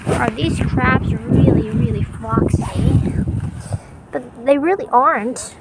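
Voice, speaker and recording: Excitable woman vlogging on a windy beach. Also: on the high side, slow pace. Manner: excitable, gushing exclamations. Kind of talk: casual vlog commentary. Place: outdoors on a cold, windy beach. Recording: loud wind noise outdoors.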